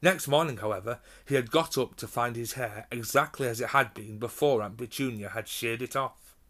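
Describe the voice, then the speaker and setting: A man reading a children's novel aloud with expressive storytelling. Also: mid-range voice, moderate pace. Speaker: reader. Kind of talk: storybook narration.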